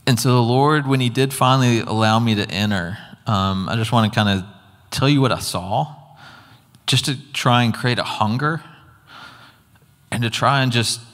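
A man's voice: mid-range voice, normal speed, fairly bright tone. A man giving an earnest, conversational sermon testimony with casual asides. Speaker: preacher. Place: church hall. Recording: long hall reverb.

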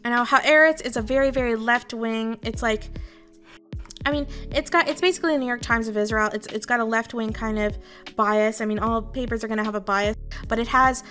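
Candid Canadian woman with a high voice. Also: brisk, pushed and bright, faint music behind. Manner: candid, rambling, swears freely. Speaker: VTuber streamer. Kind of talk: casual commentary to viewers.

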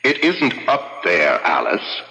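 An actor playing a dry, sardonic ghost husband in an old-time radio drama. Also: male voice, deep voice, wildly swooping pitch, slow, sharp tone, exaggerated voice. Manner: drawling, sardonic. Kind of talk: 1940s radio acting. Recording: muffled radio with hall reverb.

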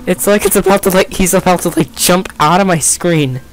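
A man giving casual commentary while playing through a game, relaxed and amused. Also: high voice, a little fast, rough recording. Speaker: game voice dubber.

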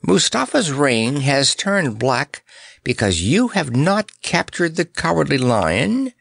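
A man voicing a fussy male bird in a storybook, with a croaking, frantic way of speaking. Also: on the high side, big pitch swings, slow, fairly bright tone, no echo, clean studio sound, voice pushed up, exaggerated voice.

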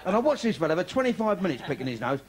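A man's voice: high-pitched, sing-song, racing, heavy background noise. An older man from London with a Cockney accent, delivering a bawdy stand-up comedy routine in punchy one-liners. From London, England.

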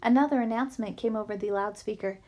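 A woman reading a children's novel aloud with lively storytelling. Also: mid-range voice, fast. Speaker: book reader.

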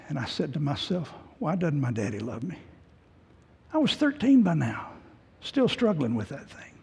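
A middle-aged male pastor giving an emotional personal testimony in a sermon, swinging between loud and hushed. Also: on the high side, vocal fry, breathy edge. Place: church sanctuary. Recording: long hall reverb.

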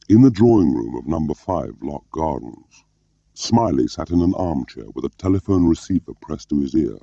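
Very deep, gravelly male audiobook narrator. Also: lively intonation, moderate pace, mellow, no room sound. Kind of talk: scripted narration. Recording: muffled lo-fi recording.

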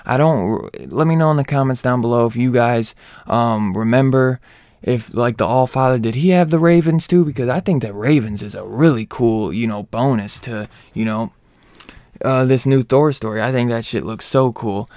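Man, comic book reviewer, casual slangy rant, profane, excited, smooth voice, dry room. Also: medium pitch, moderate pace, no echo. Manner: slangy, profane, hyped up, rambling with restarts.

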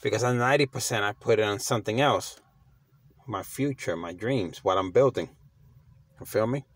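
A man's voice: fairly low pitch, moderate pace. A middle-aged man giving casual, slangy motivational talk, emphatic and repeating himself as he restarts his phrases. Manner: slangy, conversational. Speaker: motivational vlogger.

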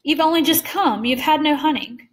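A woman's voice: on the high side, moderate pace, natural voice. A woman reading aloud voices a suave, menacing older male general with polished, amused courtesy. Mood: courtly.

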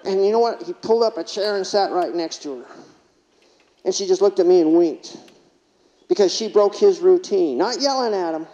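Guy doing a funny keynote talk, kinda high voice, dull lo-fi sound with big hall echo. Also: normal speed, mellow. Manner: humorous, acts out quotes from patients. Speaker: keynote speaker. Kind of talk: conference keynote storytelling. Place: conference hall. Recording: lo-fi recording, long hall reverb.

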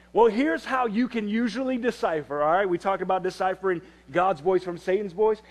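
Higher-voiced man preaching conversationally. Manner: conversational, repeats phrases and restarts, drops to a hush for quiet passages. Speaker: pastor. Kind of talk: sermon.

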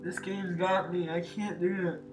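A man recording a let's play, reading lines aloud in a slow, halting, tearful way while crying. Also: high voice, flat delivery. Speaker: gaming video creator. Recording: echoey room with loud music. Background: loud guitar music.

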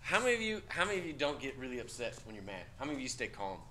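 A man's voice: mid-range voice, sing-song, racing, pushed and bright, a little hiss or hum. A man teaching a class, talking bluntly and casually with profanity, quizzing students in a discussion. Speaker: instructor.

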